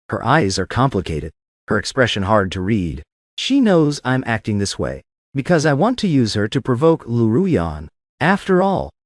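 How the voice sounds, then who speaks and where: A man's voice: mid-range voice, no room sound, clean studio sound. A man narrating a first-person drama story in scripted narration style.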